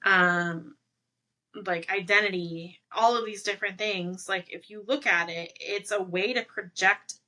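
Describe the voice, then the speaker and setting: A woman's voice: mid-range voice, measured pace. A woman guest on a casual podcast interview, telling stories animatedly with lots of "like" fillers and frequent laughs. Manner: animated storytelling, many "like" fillers, laughs often.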